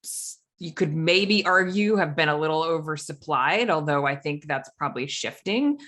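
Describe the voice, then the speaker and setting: A woman hosting a podcast interview, chatty and quick to laugh. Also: low-pitched, lively intonation, fairly bright tone. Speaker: podcast host. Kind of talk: conversational interview.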